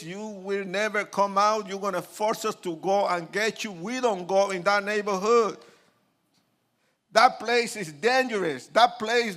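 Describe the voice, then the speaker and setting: An older, high-pitched man with a Puerto Rican Spanish accent, a native Spanish speaker, tells his testimony as a preacher in sermon storytelling form. He stays animated, acting out quotes and moving between soft asides and shouts.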